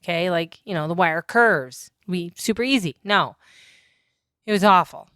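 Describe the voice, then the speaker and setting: A woman's voice: on the low side, moderate pace, a bit bright, smooth, dry recording, studio quality. A woman narrating her craft build in a casual voice-over, chatty and self-mocking, with offhand asides that trail away.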